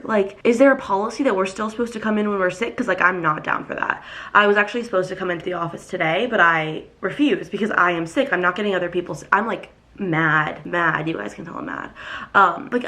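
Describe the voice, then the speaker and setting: A woman in her twenties, congested and sick, ranting in a casual vlog with lots of filler words. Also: medium pitch. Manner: animated, ranting, filler-heavy. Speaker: vlogger. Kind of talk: casual vlog talk to camera.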